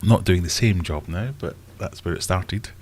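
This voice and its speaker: Scottish male host, low voice, loose self-mocking live-stream chatter. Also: normal speed, a little mellow, husky. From Scotland. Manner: rambling and self-mocking, thinks aloud. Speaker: aquarium channel host. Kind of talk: casual live-stream chat.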